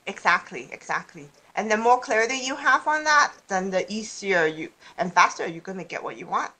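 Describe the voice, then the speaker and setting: A woman's voice: medium pitch, lively intonation, moderate pace, bright, forceful tone. A woman speaking as a guest in a casual podcast interview, rambling and restarting her sentences, often laughing. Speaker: guest speaker on law of attraction.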